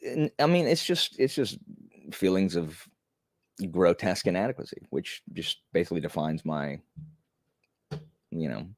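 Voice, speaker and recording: A man's voice: very deep voice, creaky, no echo, studio quality. A young man chatting casually on a live stream, rambling and self-deprecating with many fillers.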